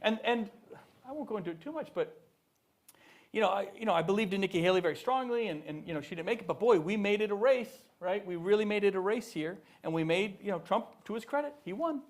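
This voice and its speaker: Middle-aged man, former politician addressing a student audience, emphatic and animated, higher-pitched voice, lots of restarts. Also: fast talker. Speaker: former governor giving a talk. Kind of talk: public speech to students. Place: university event hall.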